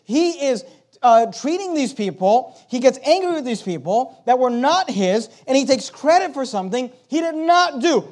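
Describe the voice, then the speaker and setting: High-voiced preaching pastor, man. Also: very animated, normal speed. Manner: swings from soft confiding to loud emphatic preaching. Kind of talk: sermon.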